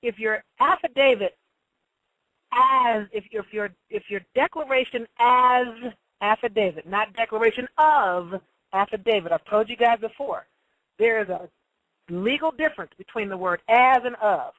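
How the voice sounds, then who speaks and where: A woman's voice: a little high, fairly bright tone, no room sound, poor audio. Blunt, profane woman host. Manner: blunt, profane, fast-talking. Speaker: talk show host. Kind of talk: live call-in talk monologue.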